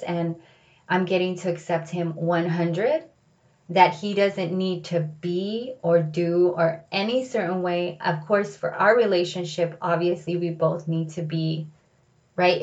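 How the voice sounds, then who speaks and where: Woman host, personal storytelling, candid and reflective, lowish voice, lo-fi sound. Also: fairly even intonation, a little slow, darkish tone. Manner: candid, reflective, filler-heavy with "like" and "you know".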